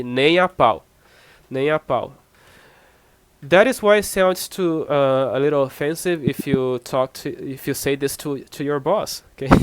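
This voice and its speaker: A Brazilian man, a native Portuguese speaker, gives an online lesson teaching Portuguese phrases in English. His voice sits on the high side with a clean tone in a dry recording, and he patiently repeats phrases and drills slow examples, checking in with "okay?"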